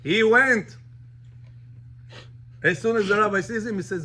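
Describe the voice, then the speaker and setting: A man, a rabbi telling a story to his class in an animated way, mixing in words. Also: high-pitched, unhurried. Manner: animated, switches between English and Russian.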